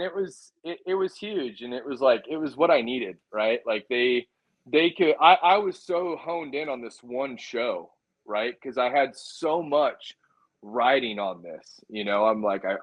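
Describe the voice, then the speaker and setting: A male musician in a casual interview, telling a story in a rambling, animated way, full of fillers like "like" and "dude". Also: mid-range voice, normal speed, lo-fi sound. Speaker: musician guest.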